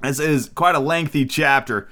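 Tired, hoarse podcast host, casual and profane. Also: male voice, on the high side, moderate pace, a bit bright. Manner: loose, profane, jokey.

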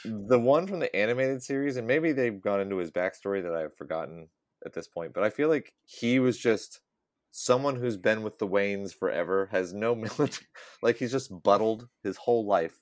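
A man guesting on a casual podcast, relaxed and laughing often. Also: lowish voice, moderate pace, dry recording, clean studio sound. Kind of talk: casual chat.

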